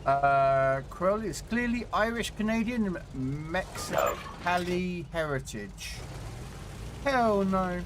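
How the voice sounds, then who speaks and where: A man's voice: high voice, lively intonation, slow pace, noisy background. Rambling male game streamer. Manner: rambling, repeats words while thinking aloud. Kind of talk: casual gameplay commentary. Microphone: desktop condenser mic.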